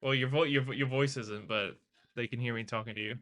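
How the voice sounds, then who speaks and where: Man, casual live streamer, bright and chatty, reacts to his chat. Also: medium pitch, fairly even intonation, fairly quick. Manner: chatty, laughing, talks to viewers and reads their chat aloud. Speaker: live streamer learning to code.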